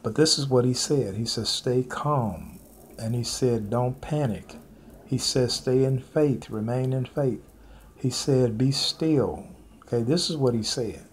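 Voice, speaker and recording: A man delivers an informal sermon straight to his viewers, pausing often and repeating his key phrases with steady earnestness. His voice sits at a middling pitch, and a faint hiss of background noise runs under the recording. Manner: repetitive, earnest, with many pauses and fillers. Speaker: preacher sharing prophetic visions. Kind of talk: informal spoken sermon to camera.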